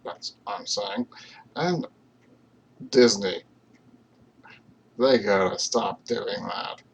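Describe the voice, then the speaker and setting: A Canadian man chatting casually on his own stream, meandering and halting with many fillers and restarts. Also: lowish voice, creaky, poor audio. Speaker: solo streamer. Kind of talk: rambling casual vlog chat.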